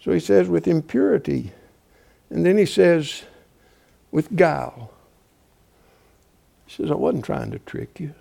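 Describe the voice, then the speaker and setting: A male preacher giving a fiery sermon, swinging from loud, emphatic urging to quiet pleading and dropping in "bless God" as he goes. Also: fairly high pitch, lively intonation, a little slow, creaky, pauses often. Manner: repeats "bless God" as a filler.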